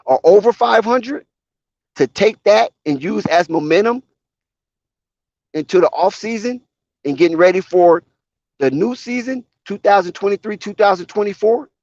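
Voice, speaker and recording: A man's voice: high-pitched, lively intonation, normal speed, long pauses, darkish tone, no echo. A man giving opinionated, conversational commentary on a live basketball game. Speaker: sports commentator. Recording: dull lo-fi sound.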